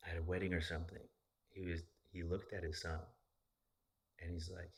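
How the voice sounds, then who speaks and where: A man chatting casually as a podcast host, rambling and swearing freely in an animated way. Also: low voice, normal speed, gravelly, pauses often. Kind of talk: casual chat.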